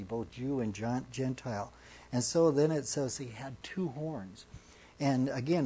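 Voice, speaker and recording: Man, pastor, verse-by-verse Bible teaching, husky mellow tone, halting delivery. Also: mid-range voice. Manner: halting, restarts phrases, reads scripture with emphasis.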